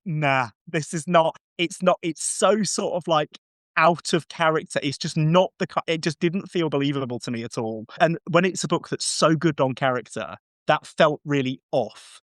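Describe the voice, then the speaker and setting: A man hosting a casual podcast chat, excitedly acting out quoted lines in shifting voices. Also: fairly high pitch, moderate pace, dry recording, studio quality. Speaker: podcast host.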